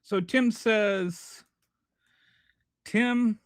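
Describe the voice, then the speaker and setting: A man's voice: sits high, steady tone, extremely slow, smooth, no echo, clean studio sound. A male host giving sarcastic, rambling political commentary on a livestream and reading chat. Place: home near a small Texas town.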